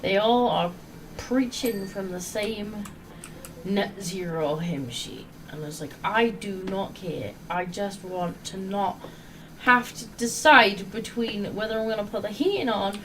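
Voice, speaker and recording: A woman's voice: medium pitch, takes it slowly, fairly bright tone, recorded from a distance, a little hiss or hum, low-quality recording. Ranting woman, off-mic. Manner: exasperated ranting, swears, laughs often. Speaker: podcast host. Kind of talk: casual chat while gaming.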